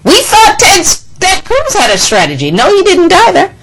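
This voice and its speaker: A woman's voice: very high voice, wildly swooping pitch, normal speed, very noisy. A woman delivering an impassioned political monologue, indignant and scolding, with emphatic repetition. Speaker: political commentator.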